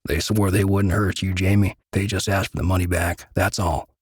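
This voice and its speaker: A man's voice: low voice, level tone, moderate pace, husky, no room sound, clean studio sound. A man voicing a big, guilty middle-aged man who stammers and pleads through tears in a dramatic story reading. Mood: confessing. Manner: stammering, tearful.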